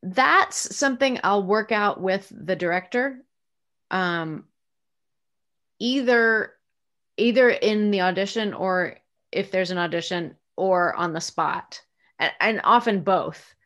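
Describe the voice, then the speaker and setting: A woman's voice: medium pitch, slow pace, a bit bright. A middle-aged American woman, a voice actress, answering interview questions in a chatty, reflective way with plenty of fillers and restarts. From United States.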